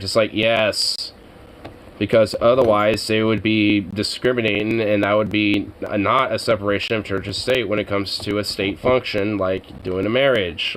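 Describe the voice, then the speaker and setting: A man's voice: fairly low pitch, steady tone, moderate pace, fairly bright tone, a little hiss or hum, poor audio. A man chatting casually on a livestream, rambling and swearing freely between laughs. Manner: rambling, profane, laughing asides.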